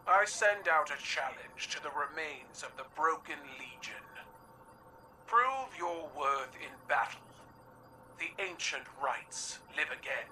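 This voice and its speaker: An imperious alien warlord for a video game, who speaks in slow, bright, commanding oratory. He sounds distant, over a faint ambient hum. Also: a little high, heavily acted. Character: imperious alien warlord rallying his armies.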